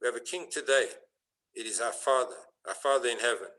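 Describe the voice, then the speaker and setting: A man giving a sermon as a rabbi, telling a story and building to fervent emphasis, with some halting restarts. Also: medium pitch, sharp tone, poor audio.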